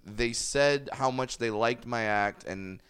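A man's voice: medium pitch, slow pace, clean tone. A comedian from Orange County chatting casually and animatedly acting out quotes in his stories. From Orange County, California. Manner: animated storytelling, acts out quotes. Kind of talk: casual comedy podcast chat.

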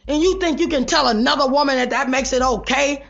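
A woman hosting her own show, talking straight to viewers in a blunt, profane, preachy monologue that rises into loud rants. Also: high voice, a little fast, gravelly, muffled recording. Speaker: online show host.

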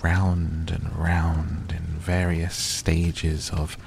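Deep, slow, gravelly male narrator. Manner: soft, calm, gentle reading. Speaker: audiobook narrator. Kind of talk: soft bedtime audiobook narration. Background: faint crackling fire.

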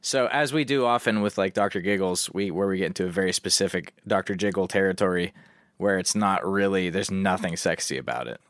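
A man's voice: low-pitched, fairly quick, fairly bright tone, no room sound, clean studio sound. A man co-hosting a podcast, trading crude, wisecracking banter in casual chat. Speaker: podcast co-host.

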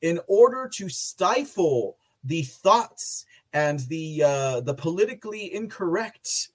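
A man's voice: on the high side, expressive, takes it slowly, few pauses. A man hosting a political commentary podcast, sarcastic and often laughing. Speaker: podcast host.

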